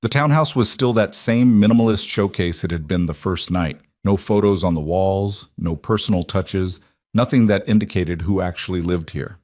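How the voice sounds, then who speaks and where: A man reads a scripted story aloud, measured and gentle. His voice sits on the low side and the recording is dry and close. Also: no echo. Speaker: narrator. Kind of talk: scripted narration.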